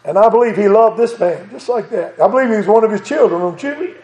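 A male preacher with a drawl and a high, light voice delivers a sermon in an echoing sanctuary. He moves from tender and reflective to fervent and rousing, chuckling now and then. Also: expressive, quick pace, a little mellow.

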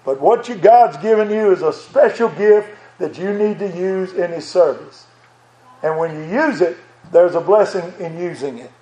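An older male preacher delivers an earnest sermon with a fairly high voice. He repeats his words as he presses a point and reads scripture aloud. The sound rings in an echoey church. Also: moderate pace, dark tone.

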